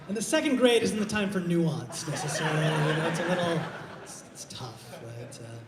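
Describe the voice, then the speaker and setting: A man from Iowa doing a stand-up set, low-key and halting with lots of fillers, into a stage mic at a live show. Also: lively intonation, heavy background noise. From Iowa, USA. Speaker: stand-up comedian. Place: live comedy show in a hall. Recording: roomy hall reverb.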